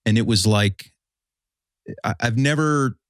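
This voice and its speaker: A man hosting a podcast, telling a hunting story in relaxed, casual chat. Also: medium pitch, takes it slowly, no room sound, clean studio sound. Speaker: podcast host.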